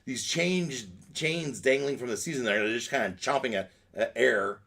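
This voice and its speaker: A man's voice: mid-range voice, moderate pace, fairly bright tone. A man running a tabletop game as dungeon master over an online call, narrating and ruling on actions.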